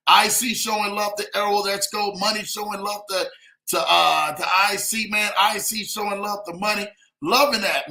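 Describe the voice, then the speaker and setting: High, bright-voiced hype livestream host. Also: male voice, roomy sound. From lives in Denver. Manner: hype, repetitive "man" and "in the building". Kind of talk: casual livestream chat with shout-outs.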